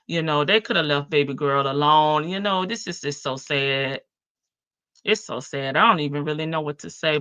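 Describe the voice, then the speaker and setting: A woman's voice: low-pitched, a bit bright, no room sound, lo-fi sound. A woman hosting a casual livestream, chatting and greeting viewers one by one in a big country voice. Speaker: livestream host.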